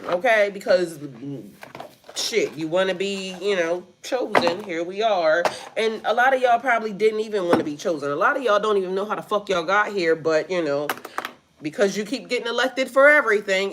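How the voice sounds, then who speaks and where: A blunt woman talks straight to her followers in a loose, casual spiritual reading. Her voice sits at an ordinary middle pitch, and she swears freely. She keeps leaning on "like" and calls her listeners "y'all". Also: animated, moderate pace, a little hiss or hum. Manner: blunt and profane, heavy on the word "like". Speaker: spiritual reader.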